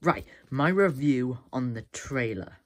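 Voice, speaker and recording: A man's voice: medium pitch, expressive, measured pace, lightly acted. A man voicing a rude, irritable male hedgehog plush in a puppet reaction video, snapping and ordering his guest out of the house. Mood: grumpy.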